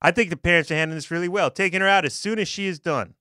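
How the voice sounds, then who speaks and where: A man's voice: high voice, rapid-fire, bright, forceful tone, clean tone, no echo, clean studio sound. A man co-hosting a casual comedy show, reading a listener's message aloud and riffing on it with frequent laughs. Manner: jokey, reads aloud and riffs, laughs often. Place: studio.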